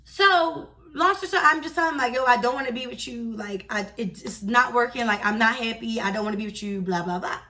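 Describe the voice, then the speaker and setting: A young woman vlogger telling a story in a casual, chatty, slangy and animated way. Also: fairly high pitch, fast talker, few pauses, far from the mic.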